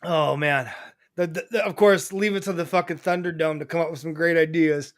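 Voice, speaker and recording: A man's voice: fairly high pitch, steady tone, fairly quick. A man co-hosting a casual podcast chat, playful and joking, drawing out words for emphasis. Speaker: co-host.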